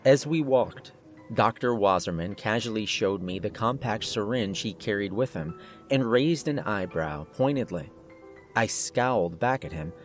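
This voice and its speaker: A man narrating a first-person horror story in a tense, scripted way. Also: lowish voice.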